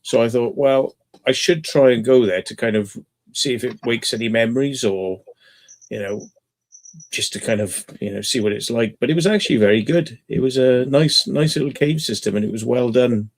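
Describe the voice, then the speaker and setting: A man's voice: mid-range voice, moderate pace. A man who hosts a channel, chatting casually and rambling through stories with plenty of fillers. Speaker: channel host. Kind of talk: casual chat.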